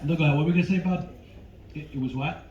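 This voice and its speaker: A man's voice: fairly high pitch, fast talker. A middle-aged man doing live stand-up comedy on a cruise ship stage, teasing the crowd brashly. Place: cruise ship show lounge. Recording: roomy, dull live stage sound. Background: audience laughter.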